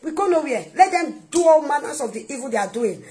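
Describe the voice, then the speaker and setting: A woman minister with a Nigerian accent, preaching an emphatic sermon-style video message that repeats its points and swings between soft asides and loud outbursts. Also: high voice, big pitch swings, fast talker.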